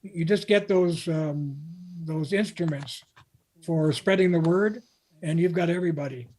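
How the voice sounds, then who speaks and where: A man's voice: on the high side, a little slow, a little mellow. An older man from Canada, a guest author in an interview, telling long anecdotes in a rambling way with restarts. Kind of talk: casual interview talk.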